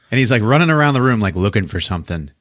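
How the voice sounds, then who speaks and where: A man hosting a podcast who recaps a horror film in a casual, animated way, laughing often and swearing. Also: lowish voice, quick pace, no room sound, clean studio sound. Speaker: podcast host.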